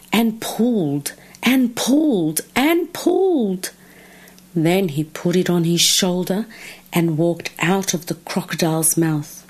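A woman reading a children's story aloud with slow, expressive, drawn-out phrasing. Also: sits low.

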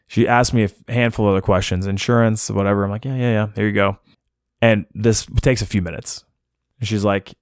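A young man casually telling a personal story on a podcast, animated and self-mocking, acting out the people he quotes. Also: fairly low pitch, a little fast, no echo, clean studio sound.

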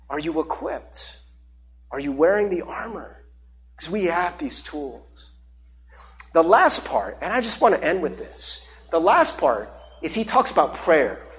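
A man's voice: high-pitched, slight background noise. A man preaching a conversational sermon as pastor, with many fillers and repeated words.

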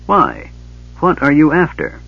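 A man's voice: fairly high pitch, huge pitch swings, unhurried, creaky, husky, faint music behind, pitched above the performer's own voice, exaggerated voice. A man voicing a stern, suspicious male knight who speaks coldly and accusingly. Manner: cold, clipped accusation. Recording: dull lo-fi audiobook recording.

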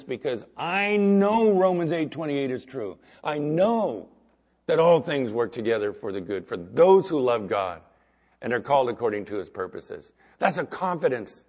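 A pastor delivers a sermon in a conversational way, shifting between loud emphasis and quiet asides. His voice is medium in pitch, and the audio sounds dull.

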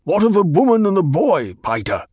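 Man putting on a cruel baron, husky, raised pitch, swooping and impatient, audiobook drama. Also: very animated, normal speed, darkish tone, dry recording, studio quality, heavily acted. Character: cruel, domineering, gluttonous male baron.

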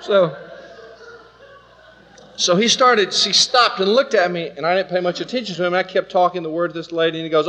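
A man preaching with an animated storytelling manner, acting out other people's voices. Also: sits high, brisk, long pauses. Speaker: preacher telling a testimony. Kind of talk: storytelling sermon.

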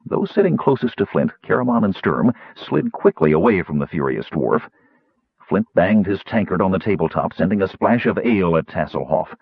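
A man narrating a fantasy audiobook in a lively, expressive reading. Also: deep voice, normal speed, husky, no echo. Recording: tinny phone-like audiobook recording.

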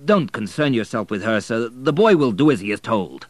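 A man voicing a gruff, shy but stern peasant trapper in an audiobook reading. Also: mid-range voice, sing-song, moderate pace, dry recording.

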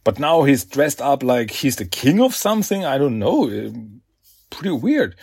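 A man's voice: medium pitch, moderate pace, husky, no echo, clean studio sound. A man hosting a podcast, casually recapping a comic with lots of fillers and laughs. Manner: animated, filler-heavy, laughs often. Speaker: podcast host.

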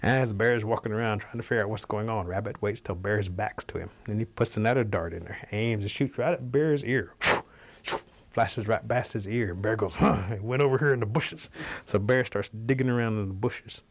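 A man telling a traditional folk tale, animated, shifting pace and pitch for effect. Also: brisk. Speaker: storyteller. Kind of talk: oral folk storytelling.

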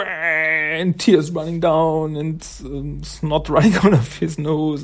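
A man talks through a comic book's story at an unhurried crawl. His voice is gravelly and a bit husky, and he rambles with plenty of fillers. He slips into the characters' lines as he goes. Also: fairly high pitch. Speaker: comic book reviewer. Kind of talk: casual recap of a comic.

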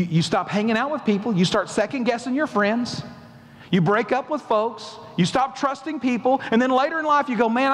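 A man preaching a sermon as pastor, animated, acting out quoted voices and putting questions to the congregation. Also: high-pitched, big-room sound. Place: large church hall.

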